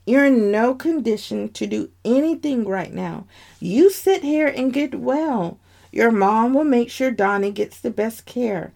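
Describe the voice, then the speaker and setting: A woman's voice: on the high side, expressive, measured pace, vocal fry, a little mellow. A woman voicing a stern, protective father in a storybook drama. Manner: stern, firm.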